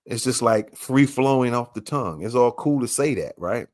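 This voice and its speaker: A man's voice: mid-range voice, expressive, moderate pace, darkish tone, dry recording, studio quality. A man hosting a podcast, commenting on a clip with emphatic, repeated rhetorical questions. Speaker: podcast host.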